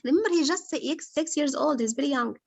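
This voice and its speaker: A woman's voice: high-pitched, fairly quick, vocal fry, darkish tone, no room sound. A woman teaching English literature, explaining a novel to her class patiently and quizzing her pupils, with lots of "like" as filler.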